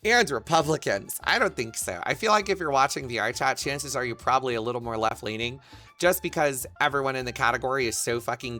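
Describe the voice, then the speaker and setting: A man's voice: mid-range voice, bright, forceful tone. A man livestreaming casually, reading his chat messages aloud and answering them with crude, profane jokes. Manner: crude, profane, joking banter.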